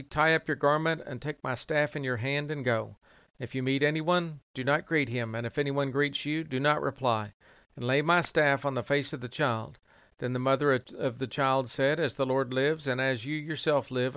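Man reading scripture aloud, smooth and dry. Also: medium pitch, no echo, lo-fi sound. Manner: even, measured reading with little change between quoted voices. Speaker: reader.

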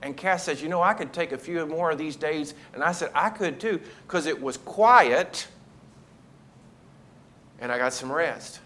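A man's voice: fairly high pitch, a little slow, sharp tone. Man leading a Bible study. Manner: conversational, asks the group questions.

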